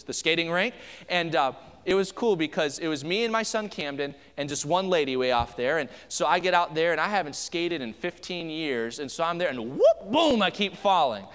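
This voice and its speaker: A man's voice: fairly high pitch, fairly bright tone, big-room sound. A man in his thirties, a pastor giving a conversational sermon full of family stories, with frequent restarts. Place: church sanctuary.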